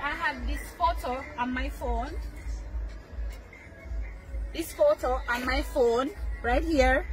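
A woman's voice: high voice, rough recording. A woman, a street vendor answering a street interview in an upbeat, defiant way. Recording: loud music and crowd outdoors.

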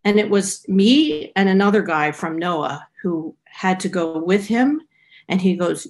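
Slow-talking woman telling a story. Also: fairly low pitch. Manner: relaxed anecdotal telling with small restarts. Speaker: researcher being interviewed. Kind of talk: casual personal storytelling.

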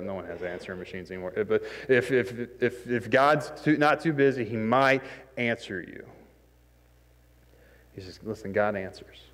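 A man preaching a sermon in a conversational, self-deprecating way, acting out the scenes he describes. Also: fairly low pitch. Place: church sanctuary. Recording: long hall reverb.

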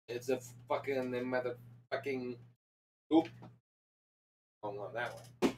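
A young man streaming a game from home, chatting casually, swearing and breaking into sudden excited outbursts. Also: mid-range voice, takes it slowly, long pauses, slight background noise. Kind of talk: casual live-stream chat.

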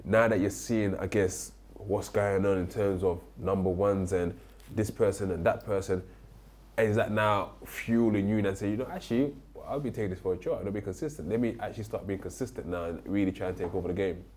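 A man's voice: deep voice, fairly even intonation, a little fast, a little mellow. A man interviewing a guest, asking questions in a hesitant way and often restarting them. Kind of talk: casual interview.

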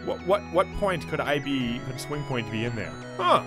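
A young man hosting a gaming video, animated, reacting aloud and joking in casual game commentary. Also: mid-range voice, normal speed. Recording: music playing underneath.

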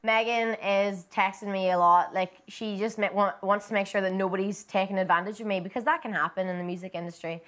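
A woman's voice: medium pitch, fairly even intonation, fairly quick, hardly any pauses, fairly bright tone. A young woman with a Northern Irish accent, chatting as a singer guest in a bubbly, giggly way. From Derry, Northern Ireland. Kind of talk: casual interview chat.

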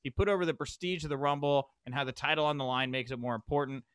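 A man hosts a casual podcast, recapping with quick, excitable asides. His voice sits a little high, and the sound is dry and close, with no room echo. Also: clean tone. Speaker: podcast host. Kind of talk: casual chat.

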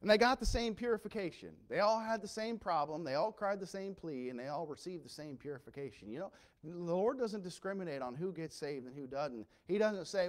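A man preaching a sermon as pastor, passionate and earnest, dropping low and quiet then rising to loud emphatic cries. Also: animated, a little fast.

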